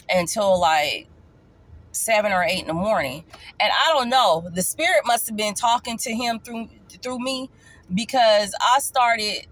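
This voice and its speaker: A woman vlogger telling her own story in a casual storytime, emphatic, animated and repeating key points. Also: medium pitch.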